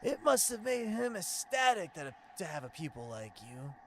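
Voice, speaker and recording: A man voicing a gentle old male bug nailmaster who speaks in a calm, measured, reflective way. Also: sits high, slight background noise.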